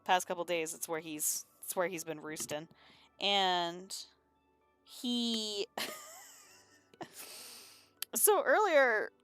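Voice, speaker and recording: With faint music behind her, a woman chats casually while drawing comics on a stream from her room at home, rambling, laughing frequently and occasionally swearing. Her voice is lowish and fairly bright, swinging widely in pitch at a measured pace.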